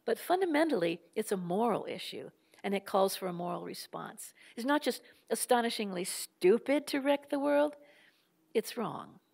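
An older woman delivers a public lecture with moral urgency, piling up rhetorical questions and repeated phrases. Her voice sits slightly high and carries a gravelly rasp. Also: animated, normal speed, a little mellow. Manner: impassioned, rhetorical questions and repetition.

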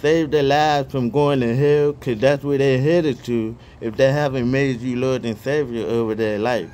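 A man praying fervently and reading scripture aloud outdoors, excitable and stumbling over repeated words, speaking each punctuation mark aloud. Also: medium pitch, moderate pace, slight background noise. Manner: reads punctuation marks aloud. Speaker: online Bible reader.

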